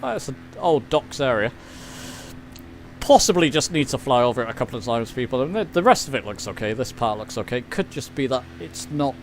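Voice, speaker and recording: His medium-pitched voice is sing-song and a little fast, with a little hiss or hum in the recording. This English-accented man from England streams flight sims, offering chatty, self-deprecating live commentary and answering his chat.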